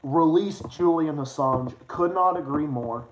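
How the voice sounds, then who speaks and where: A young man hosting a casual livestream, excitable and rambling, swearing often with quick restarts. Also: on the high side. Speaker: livestream host. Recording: echoey room, faint noise.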